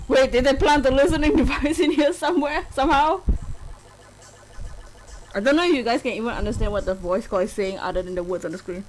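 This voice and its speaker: A man's voice: very high voice, a little fast, a little hiss or hum, low-quality recording. A male streamer giving live commentary on a game, giggling often and reading the dialogue aloud.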